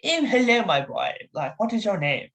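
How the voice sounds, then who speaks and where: A man's voice: high voice, sing-song, normal speed, a bit bright, voice pushed up. Doctor Cromwell, a man doing a prim posh doctor. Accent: London English. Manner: prim, overly polite. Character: prim posh older male English doctor.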